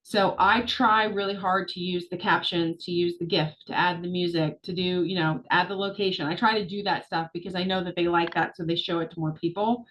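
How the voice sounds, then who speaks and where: A woman's voice: fairly low pitch, steady tone, fairly quick, few pauses, a bit bright, highs cut off, a little hiss or hum. A middle-aged woman coaching her group on a video call, talking in a chatty, upbeat way with plenty of fillers. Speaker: social media business coach.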